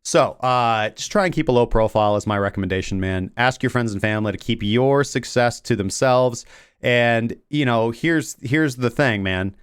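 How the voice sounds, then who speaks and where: A man hosting a crypto trading show in a loose, chatty way, leaning on fillers as he walks through his charts. His voice is smooth and resonant and sits at an ordinary middle pitch. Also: normal speed. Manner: rambling, filler-heavy talk. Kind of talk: casual market commentary.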